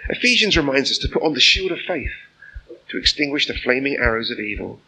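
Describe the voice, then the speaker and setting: Gravelly, forceful male preacher. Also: medium pitch, sing-song, fairly quick, a little hiss or hum, poor audio. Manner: conversational, full of rhetorical questions; personal and earnest. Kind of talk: informal sermon.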